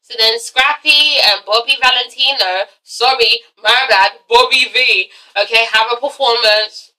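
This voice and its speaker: A woman's voice: fairly high pitch, measured pace, pushed and bright, far from the mic, poor audio. A woman casually recapping an episode in a chatty, profane vlog style, tagging her lines with "all right?". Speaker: vlogger reviewing a TV episode.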